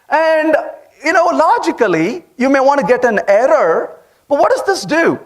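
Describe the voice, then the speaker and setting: A man with an Indian accent speaks at a conference with a very high, lively voice that swoops up and down. He tells stories and turns to the audience with questions. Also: normal speed. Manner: animated storytelling, asks the audience questions. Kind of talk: lively tech conference talk. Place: conference hall.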